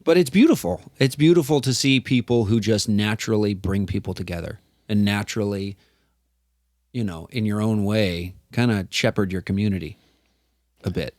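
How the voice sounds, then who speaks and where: A man's voice: lowish voice, normal speed, dry recording, studio quality. A man co-hosting a podcast interview, talking casually and affirmingly, with many fillers. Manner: warm, affirming, filler-heavy. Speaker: podcast co-host.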